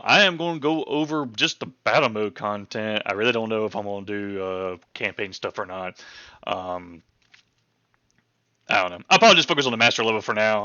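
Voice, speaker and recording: A man's voice: lowish voice, bright, forceful tone, no room sound, dull audio. A man casually going over game patch notes for his channel, rambling and chatty with many ums, hiccuping now and then. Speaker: gaming channel host.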